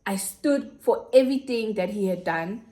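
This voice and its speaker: A woman's voice: mid-range voice, expressive, moderate pace, warm tone. A young South African woman with a South African accent, frankly telling a personal story to her viewers in casual, slangy chat. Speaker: YouTuber.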